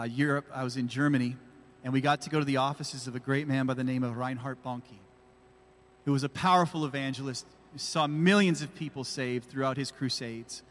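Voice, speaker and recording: In a church with a reverberant hall, a pastor preaches a sermon and drives his point home with emphatic, repeated rhetorical questions. His voice is medium-pitched and fairly bright, with fairly even intonation at a moderate pace.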